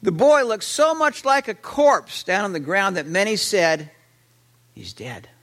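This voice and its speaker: A man preaching a sermon, animated, with fillers and restarts. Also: high-pitched, moderate pace. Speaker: pastor.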